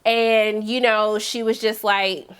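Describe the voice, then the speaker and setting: A woman giving a chatty, animated recap of a TV episode, with big swings in her voice and playful asides. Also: mid-range voice, slow, clear, resonant tone. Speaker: TV recap host. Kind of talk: casual TV recap commentary.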